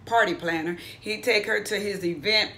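Bright-voiced woman recapping a show. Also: mid-range voice, moderate pace. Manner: chatty, blunt and profane, acts out what the cast said. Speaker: YouTube reality-TV recapper.

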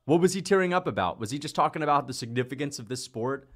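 A man's voice: medium pitch, fast. Man swearing his way through a livestream. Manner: loose, swears often, excitable outbursts. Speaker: livestream host reacting to fights. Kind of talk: casual livestream chat, reading donations.

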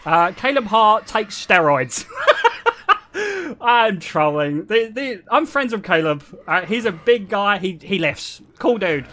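A man's voice: high-pitched, pushed and bright. A young man streaming, chatting casually in a crude, joking way and laughing often.

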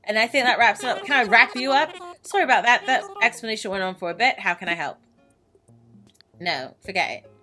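A young woman gaming YouTuber giving casual, excitable, self-mocking commentary as she plays. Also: fairly high pitch, brisk. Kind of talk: casual let's-play commentary. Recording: faint game music behind.

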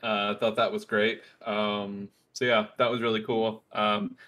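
A man's voice: on the low side, little pitch movement, unhurried, sharp tone. A man co-hosting a podcast in casual chat, talking with frequent ums and restarts. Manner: chatty, hesitant with ums and likes. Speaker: podcast co-host.

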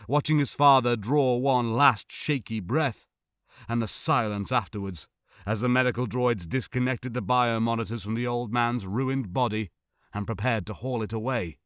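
A man narrating an audiobook in a measured, somber, dramatic reading. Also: mid-range voice, a bit bright, dry recording, clean studio sound.

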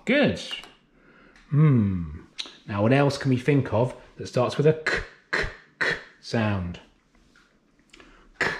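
A man teaching a phonics lesson to young children, drawing out letter sounds slowly and clearly. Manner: slow, drawn-out sounds with lively, sing-song pitch. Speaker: nursery teacher. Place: classroom or home, recorded for remote learning.

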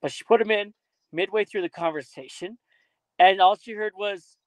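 A man hosting a casual podcast in a high, dry-sounding voice. He talks bluntly and swears freely, laughing his way through his stories. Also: normal speed, dry recording, low-quality recording. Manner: blunt, profane storytelling with laughs. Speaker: podcast host.

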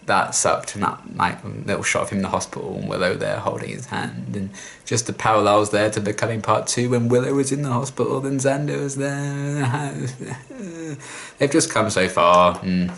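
A man's voice: on the low side, fairly even intonation, moderate pace, creaky, fairly bright tone. Exasperated man ranting. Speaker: reaction video host. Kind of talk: casual reaction rant.

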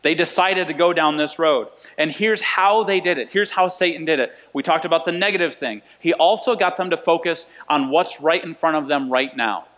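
A man's voice: a little high, moderate pace, few pauses, a bit bright. A male pastor preaching a conversational sermon in a church sanctuary, repeating key phrases for emphasis. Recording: long reverb of a church hall.

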